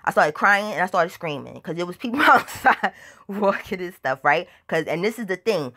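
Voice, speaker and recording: A woman's voice: lowish voice, animated, normal speed, bright, forceful tone. A woman telling a casual storytime, profane and emphatic, often checking that the listener understands. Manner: profane, emphatic, keeps asking "you understand?". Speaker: vlogger.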